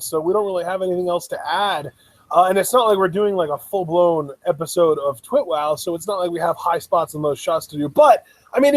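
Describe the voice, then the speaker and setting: A man co-hosting a casual wrestling review chat, relaxed and thoughtful with a few restarts. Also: high voice, no room sound, low-quality recording. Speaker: co-host reviewing wrestling episodes.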